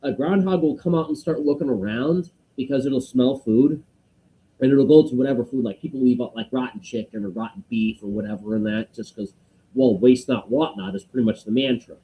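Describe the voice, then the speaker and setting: A man's voice: mid-range voice, fairly quick, dark tone, a little hiss or hum, low-quality recording. A man co-hosting a podcast in casual chat, telling rambling stories, swearing and acting out voices. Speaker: podcast co-host.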